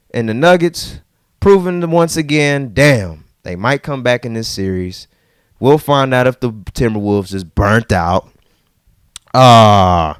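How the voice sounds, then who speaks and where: Animated man ranting casually. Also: clean tone, no room sound, clean studio sound. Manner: animated, slangy, repeats phrases, swings from low mutters to high outbursts. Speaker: vlogger. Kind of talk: casual rant to camera.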